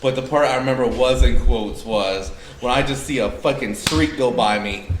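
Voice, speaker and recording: A man's voice: mid-range voice, moderate pace. A man telling a wild story on a podcast, laughing and swearing as he acts out the people in it. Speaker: podcast guest. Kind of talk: casual storytelling. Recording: echoey room with clear background noise.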